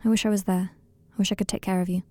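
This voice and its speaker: A woman reading the part of a caring young man who speaks softly and reassuringly. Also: medium pitch, flat delivery, rapid-fire, no echo, close to an everyday voice. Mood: tender. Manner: soft, reassuring.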